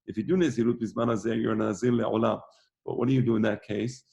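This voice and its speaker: A man's voice: on the low side, fairly even intonation, fast talker, vocal fry, warm tone. A man teaching a religious class in an informal, conversational way, often repeating phrases for emphasis. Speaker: rabbi teaching a weekly class. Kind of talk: informal lecture.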